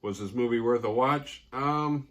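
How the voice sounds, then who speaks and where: A man's voice: medium pitch, unhurried, a bit bright. A man hosting a horror movie podcast, casually recapping the plot with profanity and sarcasm and acting out the characters' lines.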